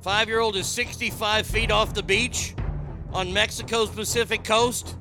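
A man in his fifties hosting a radio talk show, telling stories in a loud, joking, rambling way into a studio microphone. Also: high voice, fairly even intonation, a little slow, music in the background. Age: 50s.

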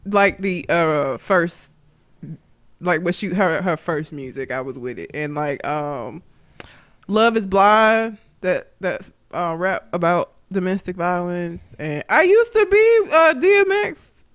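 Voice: mid-range voice, sing-song, takes it slowly, fairly bright tone. A co-host in casual chat, talking bluntly with lots of swearing and frequent laughs. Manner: blunt, profane, laughs often.

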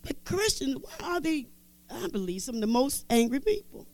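High, lively woman preaching a sermon. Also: normal speed. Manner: emphatic preaching, repeating scripture phrases; conversational asides in casual speech. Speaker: Bible teacher.

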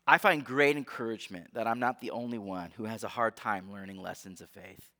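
A man preaching a sermon as pastor, conversational and animated, often asking his listeners rhetorical questions. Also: lowish voice, brisk, hardly any pauses. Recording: long hall reverb.

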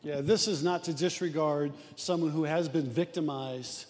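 Middle-aged male co-host; earnest, preacherly, slightly high voice, long reverb. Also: normal speed, a little mellow. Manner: earnest, quotes scripture. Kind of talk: faith-based relationship talk.

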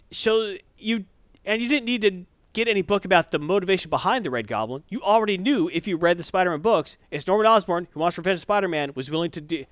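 Sarcastic male reviewer with a slightly high, animated voice, dry lo-fi recording. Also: no room sound. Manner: exasperated, sarcastic, rambling. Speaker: comic book reviewer. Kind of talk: casual opinionated review chat. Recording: dull, lo-fi, dry.

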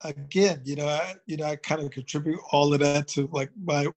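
A man's voice: on the high side, steady tone, fairly quick. A man from Baltimore, a drummer and guest in a casual interview, telling stories in a loose, rambling way full of "you know". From Baltimore, United States.

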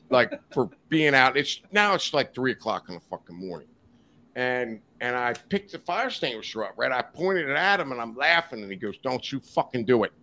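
A man's voice: mid-range voice, vocal fry. A man telling a wild story as a podcast guest, cursing freely and laughing as he goes. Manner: profane, animated anecdote-telling with laughter. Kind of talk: casual storytelling. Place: podcast studio.

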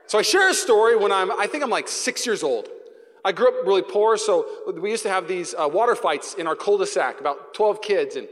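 A man's voice: high voice, lively intonation, fairly quick, fairly bright tone. A man in his thirties preaching a live sermon to his congregation as pastor, telling comic stories with playful acted sound effects. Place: church sanctuary before a congregation. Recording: reverberant live church hall.

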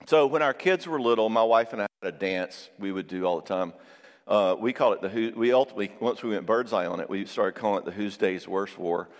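A middle-aged man giving a sermon on marriage, acting out quotes with lively storytelling and checking in with his listeners. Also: lowish voice, fast. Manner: animated storytelling with acted-out quotes; engages audience with frequent "all right?" asides. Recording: long hall reverb.

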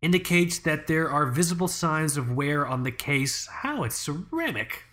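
A young man co-hosting a podcast, animated and joking, with lots of swearing in casual chat. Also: a little high, moderate pace. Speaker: podcast co-host. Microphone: studio microphone.

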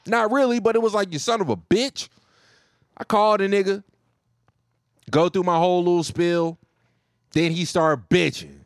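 A man telling a profane, joking story about his telemarketing job, animated and casual. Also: high-pitched, moderate pace, pauses often, clean tone, no echo, clean studio sound.

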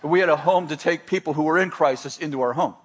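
A man who is a pastor, telling a story in a sermon in a lively, self-deprecating way, often restarting his sentences. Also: a little high, fast, slightly rough.

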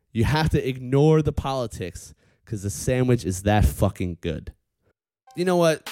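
A man with a lowish voice, recorded with no echo, delivers an animated, profane comedic rant. He keeps heckling the audience, stopping repeatedly to jab with a pointed "okay?"

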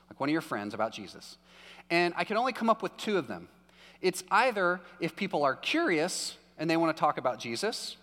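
A man's voice: high-pitched, a bit bright. A man preaching a sermon in a casual, conversational way with joking asides, recorded live in a church hall. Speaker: pastor.

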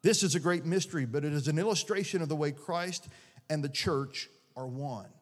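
A man in his forties preaching a sermon as a pastor, folksy and animated, with homespun jokes. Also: fairly high pitch, moderate pace. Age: 40s. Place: church sanctuary. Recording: long church-hall reverb.

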